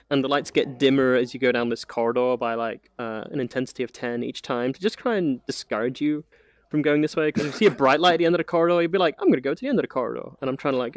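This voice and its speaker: A man's voice: medium pitch, smooth, no room sound. A man giving a casual, chatty live-stream tour of a virtual apartment he built, with lots of fillers and frequent laughs. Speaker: community manager giving a VR tour.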